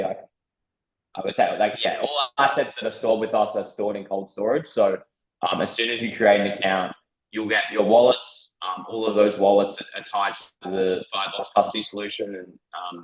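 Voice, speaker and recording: A man answering a host's questions as a guest, explaining carefully with many pauses and ums. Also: lowish voice, fairly bright tone, echoey room, rough recording. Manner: measured, many ums and restarts. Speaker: guest from a crypto broker. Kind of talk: explaining in an interview.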